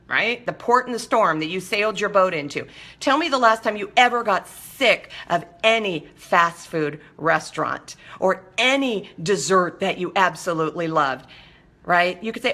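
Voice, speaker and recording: A woman's voice: medium pitch, lively intonation, moderate pace, bright, forceful tone. A middle-aged woman hosting a live show, chatting casually with viewers and coaching them in a direct, firm way.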